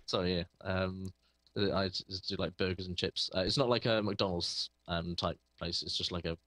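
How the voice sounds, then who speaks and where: A man's voice: low-pitched, steady tone, a little fast, fairly bright tone, no echo. A man who runs a computer repair shop, telling a story in casual chat with lots of fillers and restarts. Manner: rambling, hesitant storytelling with many fillers. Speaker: computer repair shop owner, podcast co-host.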